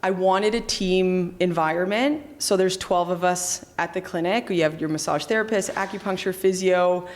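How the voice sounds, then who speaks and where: A woman's voice: lowish voice, normal speed, hardly any pauses. A woman in her thirties, a chiropractor, talking casually in an interview, chatty, with many fillers and restarts. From Canada. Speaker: chiropractor and clinic founder.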